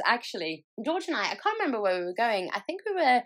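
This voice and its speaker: A young woman, hosting a podcast and telling travel stories in a chatty, animated way, laughing and swearing freely. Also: a little high, fast. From France. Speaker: podcast host. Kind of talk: casual chat.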